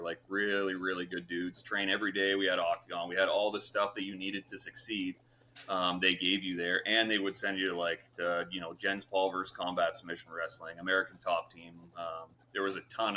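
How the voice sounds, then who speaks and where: A man in his thirties, from Canada, telling stories in a loose, rambling way with plenty of swearing and filler words. His voice sits a touch low but has a bright, forceful edge. A faint hiss of room noise sits under it. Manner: relaxed, swears often, lots of fillers. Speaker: podcast guest. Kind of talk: casual storytelling.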